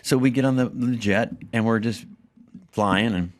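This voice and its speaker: A male comedian guest in a studio, telling stories in a rambling, halting way with many restarts. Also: medium pitch, no echo. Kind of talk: casual storytelling on a podcast.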